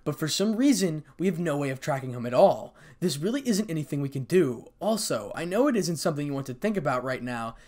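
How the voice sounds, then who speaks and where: A man's voice: on the high side, very animated, fast talker, few pauses, darkish tone. A man reading as a grave noble elder brother. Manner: grave, apologetic.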